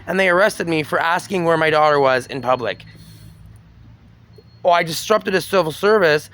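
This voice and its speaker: A man's voice: a little high, normal speed, pauses often, fairly bright tone. A man telling his own story on a city street at night, rambling, swearing and aggrieved.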